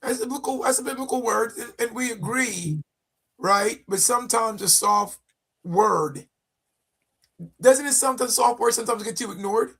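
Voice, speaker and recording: Raspy gravelly guy on a church talk show, keeps restarting his sentences. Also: very high-pitched, sharp tone. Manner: halting, repeats words when starting. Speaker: co-host. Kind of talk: casual chat.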